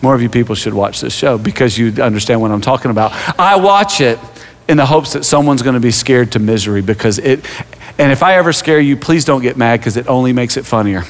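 A man's voice: mid-range voice, expressive, brisk. A male pastor delivers a sermon in a large church sanctuary, his mid-range voice carrying a long reverb around the room. He moves between stories and scripture with self-deprecating humor, often stumbling and restarting his words.

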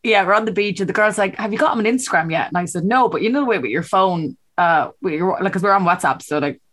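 A young Irish woman co-hosting a podcast, telling stories in animated casual chat, laughing often and swearing. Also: medium pitch, fast talker. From Ireland. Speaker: podcast co-host.

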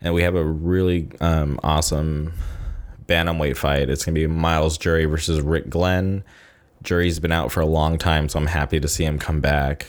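Deep-voiced man telling a rambling story. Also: flat delivery, normal speed. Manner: loose and rambling, heavy on fillers like "like" and "you know". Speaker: vlogger. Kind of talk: casual storytelling to camera.

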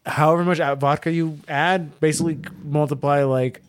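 Swearing podcast host reading aloud. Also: male voice, on the high side, steady tone, moderate pace, noisy background. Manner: reads aloud then riffs with heavy swearing. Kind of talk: casual podcast chat.

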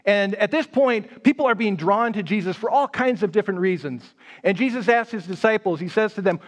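A man's voice: high-pitched, animated, a little fast, hardly any pauses. A man pastor giving a live sermon, telling the story conversationally and casting his listeners as the disciple Peter. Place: church sanctuary.

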